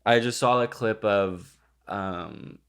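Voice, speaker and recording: Young man, lowish voice, podcast co-host, campy crude teasing banter. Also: takes it slowly, creaky, fairly bright tone, slight background noise. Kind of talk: casual chat.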